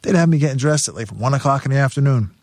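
A man's voice: medium pitch, racing. A man telling wild tour stories in a casual interview, swearing often and laughing through his stories. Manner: profane, laughing, animated storyteller. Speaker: guest musician.

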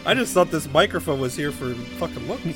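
A man's voice: on the high side, expressive, fairly quick, over music. A man playing a tabletop game, sarcastic and swearing casually. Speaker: player.

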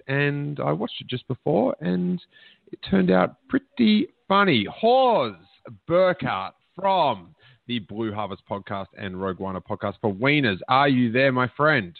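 A man's voice: mid-range voice, big pitch swings, a little slow, vocal fry, no room sound. A man in the host's seat, chatting casually and spinning rambling, joking stories. His voice is dry and close, with a narrow, phone-like band. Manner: chatty, jokey storytelling. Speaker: podcast host. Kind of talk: casual chat.

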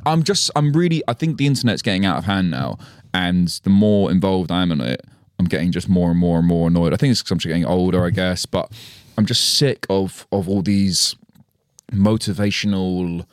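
A man's voice: deep voice, steady tone, normal speed, smooth, no room sound, studio quality. A young British man co-hosting a podcast, ranting casually with lots of swearing and restarts. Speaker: podcast co-host. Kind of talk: casual chat.

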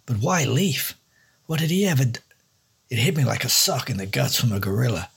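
A man's voice: medium pitch, very animated, brisk, vocal fry, fairly bright tone, husky. A man narrating a hard-boiled noir story in a dry, wry first-person detective voice. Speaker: storyteller and host.

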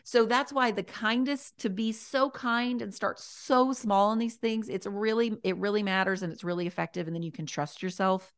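A woman's voice: mid-range voice, creaky, no echo, studio quality. A woman talking as a podcast guest, chatty and encouraging, with lots of "like" and "you know" as she corrects herself mid-sentence. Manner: gentle and encouraging. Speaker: podcast guest giving life advice. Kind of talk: casual podcast conversation.

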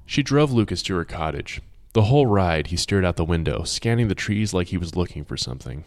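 A man narrating an audiobook in a measured, expressive storytelling manner. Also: low voice, no echo, studio quality.

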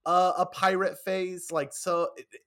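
A man's voice: sits high, level tone, measured pace, fairly bright tone. A man co-hosting a podcast, recapping a TV episode in rambling, playful casual chat. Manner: rambling, lots of "like" and restarts, playful. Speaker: podcast co-host.

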